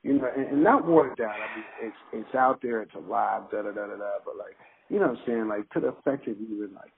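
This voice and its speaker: A man's voice: fairly low pitch, fast, creaky, slightly rough. A man chatting casually, rambling with many filler words and a lot of cursing. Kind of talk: casual chat. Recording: tinny phone-like line with faint noise.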